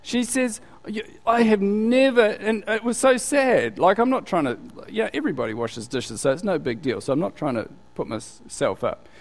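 A man's voice: on the high side, sing-song, normal speed. A male pastor preaching a sermon conversationally, full of rhetorical questions and repeated words. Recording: long hall reverb.

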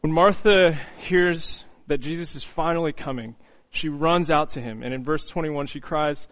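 A man preaching an earnest, reflective sermon, often pausing on "you know" and restarting phrases. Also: fairly high pitch, fairly bright tone, poor audio.

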